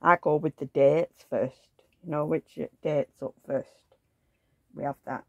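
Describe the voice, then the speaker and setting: A woman's voice: deep voice, fairly even intonation, takes it slowly, no room sound, lo-fi sound. A woman vlogger in casual chat at home, rambling along and cooing at the dolls she dresses. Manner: rambling, chatty, coos at dolls.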